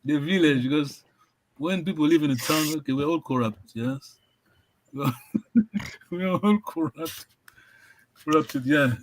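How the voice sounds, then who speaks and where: A man's voice: fairly high pitch, slight background noise, rough recording. A man teaching a language over a video call, encouraging and repetitive, often laughing. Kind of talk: online language lesson.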